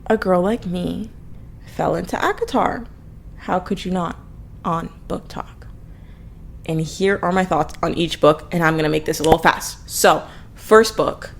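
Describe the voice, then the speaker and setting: Blunt, lower-voiced young woman reviewing books. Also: a little slow, vocal fry, slight background noise. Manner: animated, blunt, swears often, laughs at herself. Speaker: book reviewer, channel host. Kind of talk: casual chat.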